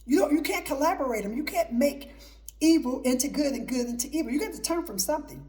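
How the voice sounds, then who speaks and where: A woman's voice: high voice, expressive, fast, dark tone. A middle-aged woman hosting her own show, giving an emphatic, repetitive preaching talk mixed with personal testimony. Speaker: host.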